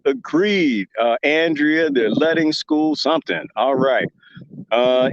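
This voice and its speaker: Male livestream host, slightly high voice, rambling and jokey, dull lo-fi phone sound. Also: dry recording. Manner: rambling, joking, laughs often. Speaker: livestream host reading chat comments. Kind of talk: casual livestream chat.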